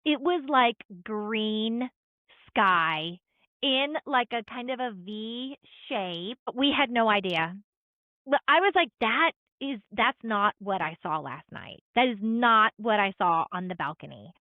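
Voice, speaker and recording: A woman's voice: fairly high pitch, expressive, slow pace, dry recording. A middle-aged woman co-hosting a podcast, telling a travel story in casual chat, full of "like" and acted-out quotes. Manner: storytelling with many likes and quoted asides. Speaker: podcast co-host. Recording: tinny phone-like sound.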